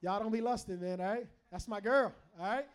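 High-voiced animated preacher man. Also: brisk, clear, resonant tone. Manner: animated, joking, calls out to the congregation. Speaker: pastor. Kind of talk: lively preaching sermon. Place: church hall with a live congregation.

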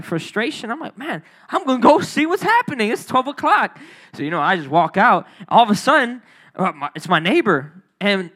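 A high-pitched man delivering a storytelling sermon, casual and full of slang. He swings between quiet asides and loud, excited retellings, voicing the people in his tales as he goes. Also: breathy edge. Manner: animated, slangy, acts out the people in his stories. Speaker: preacher. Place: church hall.

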